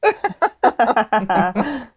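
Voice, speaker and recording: A woman's voice: a little high, sing-song, drawn-out words. A young woman with a Yorkshire accent, co-hosting a casual podcast and telling chatty, self-mocking stories. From England. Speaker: podcast co-host. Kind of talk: casual chat, storytelling.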